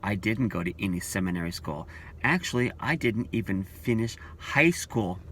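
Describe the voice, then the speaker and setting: A man voicing a hesitant male church elder who admits his lack of schooling in a low, apologetic voice. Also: animated, normal speed, fairly bright tone, slight background noise. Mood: sheepish. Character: meek male congregation elder, sheepish.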